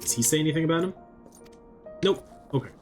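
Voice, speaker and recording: A man's voice: a little high, fast, a little mellow, faint music behind. A young man giving casual gameplay commentary as a streamer, chatty and self-mocking. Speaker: gaming streamer.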